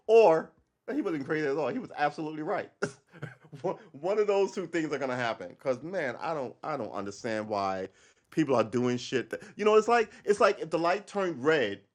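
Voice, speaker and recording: A man's voice: medium pitch, lively intonation, moderate pace. A man hosting a casual live-stream podcast, ranting in a rambling, wry way that wanders off on tangents. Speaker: podcast host.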